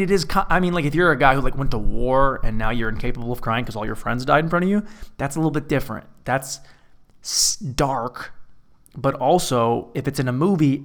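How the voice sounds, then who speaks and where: A man's voice: medium pitch, fairly bright tone. A man alone in an empty apartment, talking through a rambling, profane comedic monologue full of restarts.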